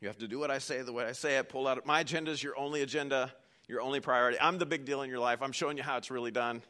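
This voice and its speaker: A man's voice: medium pitch, steady tone, rapid-fire, lightly acted. A man putting on the voice of an arrogant young church leader who orders everyone around. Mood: bossy. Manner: loud, domineering, demanding.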